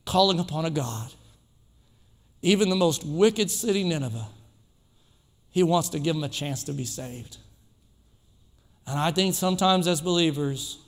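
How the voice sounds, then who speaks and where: High bright preacher guy, emphatic, keeps repeating and building, church echo all around. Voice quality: emphatic, repetitive, builds to shouts. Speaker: pastor. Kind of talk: sermon. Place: church sanctuary.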